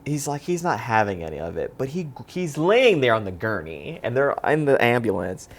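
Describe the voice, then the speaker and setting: Animated man retelling a movie. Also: mid-range voice, moderate pace. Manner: animated scene-by-scene retelling, acts out lines in voices. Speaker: podcast co-host. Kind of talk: casual movie chat.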